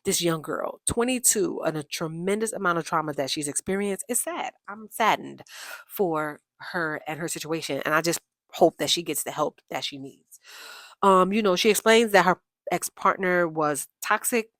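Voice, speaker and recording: A woman giving a casual, opinionated recap of a reality TV show, with chatty, animated asides. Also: lowish voice, normal speed, no room sound, studio quality.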